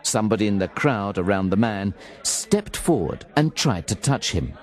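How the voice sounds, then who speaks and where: A man reading a story aloud in an expressive, measured narration. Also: fairly low pitch. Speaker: audiobook narrator. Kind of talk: scripted narration.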